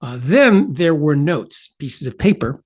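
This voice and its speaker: An older man explains ideas as an interview guest. His pitch swoops widely as he stresses points. He drops in wry, offhand asides. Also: a little slow. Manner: animated, emphatic, wry asides. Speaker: economist guest.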